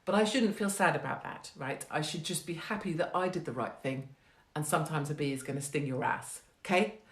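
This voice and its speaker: A woman's voice: low-pitched, a little fast, roomy sound. A woman in her forties hosting a rambling, casual monologue, blunt, profane and sarcastic. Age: 40s. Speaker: host.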